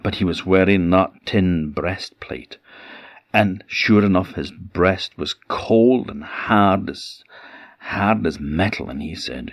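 A man with an Orkney accent telling a traditional folk tale, lively and shifting his pace and loudness. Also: low voice, slow, no echo, studio quality. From Orkney, Scotland. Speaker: traditional storyteller.

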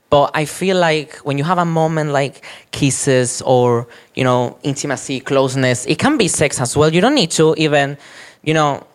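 A young man speaking as a panel guest, outspoken and animated, laughing as he mimics other people. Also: a little high, clear, resonant tone. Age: young adult. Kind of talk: frank live panel chat.

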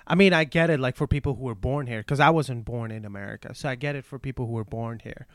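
A man from Pakistan joins a relaxed chat as a guest comic, nodding along with quick rounds of agreement. His voice sits at a mid pitch, and the recording is dry and close. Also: dry recording. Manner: agreeable, frequent "yeah, yeah" backchannels. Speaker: podcast guest and comedian. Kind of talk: casual chat.

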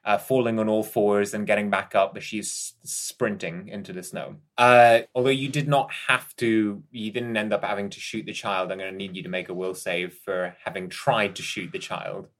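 A man narrating a tabletop horror game as game master, in measured descriptions with frequent pauses. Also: fairly low pitch, flat delivery, a bit bright.

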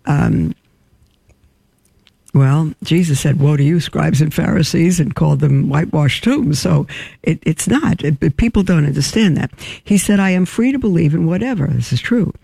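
A gravelly, mellow-toned woman, a religious sister who hosts a talk show, reads out listener emails and responds frankly and earnestly, often pausing as she thinks. Her voice sounds dry and close, with no room echo. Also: sits low.

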